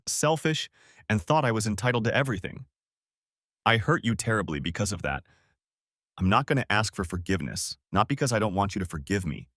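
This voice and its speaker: Man voicing a contrite ex-wife pleading in a letter, lively pitch, dry close sound. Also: no echo. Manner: earnest, apologetic reading.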